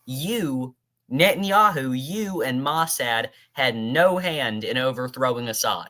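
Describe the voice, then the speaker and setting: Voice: mid-range voice, animated, unhurried, pushed and bright. A political commentator reacting in a heated rant, scornfully talking back to a speaker as if face to face. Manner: ranting, addresses the speaker directly, scornful.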